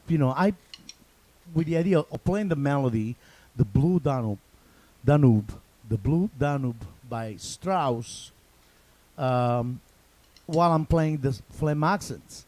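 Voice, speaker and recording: Man, Italian accent, slow unhurried talk, mellow tone, casual drum lesson. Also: on the high side, no room sound. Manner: relaxed, chatty, loose phrasing with repeats. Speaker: drum teacher.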